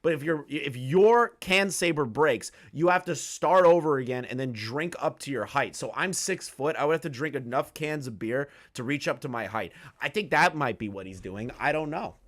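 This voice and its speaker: A young man tears into a clip he is reacting to, swearing freely and laughing in disbelief. His voice sits a little high and jumps all over the place as he rants. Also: expressive, normal speed, few pauses, fairly bright tone. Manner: incredulous ranting, swears a lot, laughs often. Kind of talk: profane reaction commentary.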